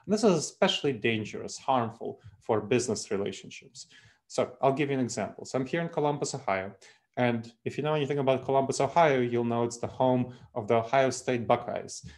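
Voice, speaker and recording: A man's voice: mid-range voice, a little fast, darkish tone. Man with a Moldovan accent teaching. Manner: earnest, explanatory, with many restarts. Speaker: speaker. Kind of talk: webinar talk.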